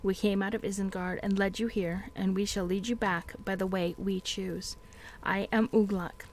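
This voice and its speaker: A woman's voice: fairly even intonation, a little mellow, a little hiss or hum, close to an everyday voice. Ugluk, a woman growling as a brutal orc captain. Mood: domineering. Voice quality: deep growl. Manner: blunt, slow and domineering. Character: big brutal male orc captain, commanding.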